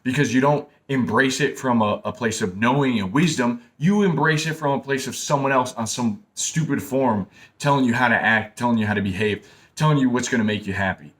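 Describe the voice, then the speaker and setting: A man's voice: mid-range voice, brisk, fairly bright tone. Young male talker, casual and blunt, preachy, repeats points, mid-range voice. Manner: blunt, preachy, repeats himself, calls listener man and bro. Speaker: self-help talker. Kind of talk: casual direct-to-camera advice talk.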